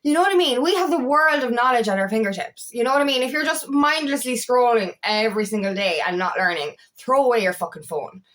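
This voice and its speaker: An Irish woman with a Kerry lilt delivers a casual spiritual pep talk in a slightly high voice. She gets fired up, swears freely, and keeps apologizing for it. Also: expressive, fast talker, few pauses, fairly bright tone. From Ireland. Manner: passionate, swears often, apologizes and laughs. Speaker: feminine empowerment coach. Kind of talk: casual spiritual vlog monologue.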